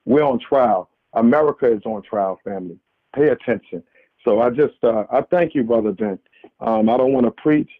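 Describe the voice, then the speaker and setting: A man's voice: mid-range voice, normal speed, dry recording. A man calling in to a radio show, speaking earnestly with a preachy manner and many restarts. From New York. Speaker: caller. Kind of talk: impassioned call-in commentary. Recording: tinny phone line.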